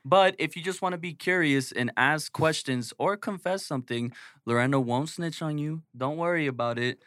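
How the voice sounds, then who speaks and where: A man's voice: on the high side, normal speed, a bit bright, dry recording. A man co-hosting a podcast in casual chat, joking and loose, now and then reading ad copy. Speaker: podcast co-host.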